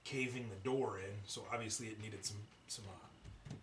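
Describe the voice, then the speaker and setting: A man's voice: on the low side, fairly even intonation, moderate pace, slight background noise. Profane storytelling man in an echoey room. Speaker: podcast host. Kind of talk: casual chat. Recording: echoey room, distant mic.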